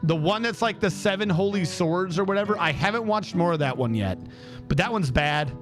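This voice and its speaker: A man's voice: sits high, lively intonation, fairly quick, music in the background. A man streaming a game, chatting casually in a rambling, incredulous way, with lots of restarts and asides.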